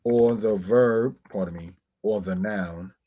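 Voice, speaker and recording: A man teaching Hebrew words from slides, slowly spelling out terms and often calling his listeners brothers and sisters. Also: lowish voice, mellow. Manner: slow, deliberate spelling-out of words.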